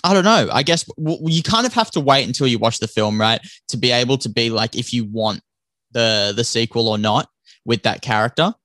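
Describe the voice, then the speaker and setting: A man's voice: mid-range voice, animated, a little fast, fairly bright tone, no room sound. Agreeable podcast guy, dry close sound. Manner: agreeable, frequent backchannel yeahs. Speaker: podcast co-host. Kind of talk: casual chat.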